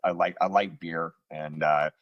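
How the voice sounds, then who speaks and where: A low-voiced man with a husky grain speaks over a computer call from a room at home. He tells rambling, self-mocking stories about starting out as an actor and keeps them loose with plenty of fillers. The sound is close and dry, with no room around it. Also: steady tone, unhurried, no echo, dull audio. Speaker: actor guest. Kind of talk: casual interview storytelling. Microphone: computer on video call.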